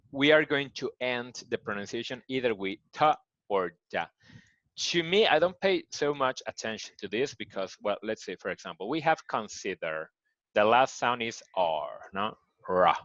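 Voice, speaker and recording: A man from Mexico with a Mexican Spanish accent, teaching an online English lesson and patiently repeating words slowly to model their pronunciation. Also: mid-range voice, a bit bright, no echo, lo-fi sound. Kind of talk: recorded online grammar lesson.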